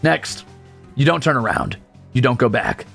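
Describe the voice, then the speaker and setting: A male streamer reads a story game aloud and breaks off for sarcastic, profane jokes. His voice is gravelly and husky. His pitch swings widely, and faint music plays behind him. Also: expressive, normal speed, a bit bright. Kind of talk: game read-through with commentary.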